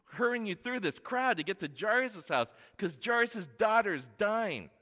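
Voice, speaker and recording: A preacher voicing a crowd of anxious, hurried male disciples, speaking in an exasperated, rushed way. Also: sits high, animated, pushed and bright, pitched above the performer's own voice, heavily acted. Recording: long reverb of a large hall.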